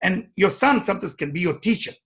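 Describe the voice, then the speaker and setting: A man with a high-pitched voice speaks as a life coach. He talks emphatically and with energy, and he drives his points home through personal stories in non-native English phrasing. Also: lively intonation, fast, fairly bright tone. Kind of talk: motivational talk with personal stories.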